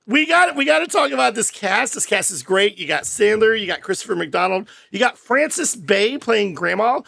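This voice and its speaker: A man in his forties co-hosting a podcast in casual chat, an animated storyteller who acts out quotes. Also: sits high, normal speed, gravelly. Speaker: podcast co-host.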